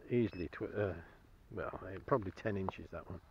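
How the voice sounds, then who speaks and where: A cheerful man with a fairly low voice gives chatty, chuckling commentary while metal-detecting outdoors in a field. The recording is dull and lo-fi, with a faint hiss of open air behind him. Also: a little fast. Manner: cheerful, chuckling, enthusiastic about finds.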